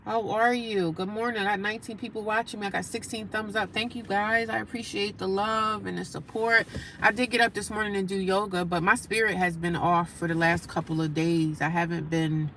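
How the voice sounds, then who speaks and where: Bright-voiced woman chatting on a livestream. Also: mid-range voice, little pitch movement, fairly quick, slight background noise, rough recording. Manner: chatty, repeats herself, greets viewers by name. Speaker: livestream host. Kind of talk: casual livestream chat to viewers.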